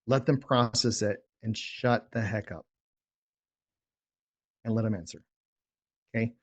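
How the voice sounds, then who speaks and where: Speaking at a measured pace in a fairly low voice, this man coaches real estate wholesaling. He covers sales negotiation bluntly and emphatically in a relaxed teaching style, often starting his words over.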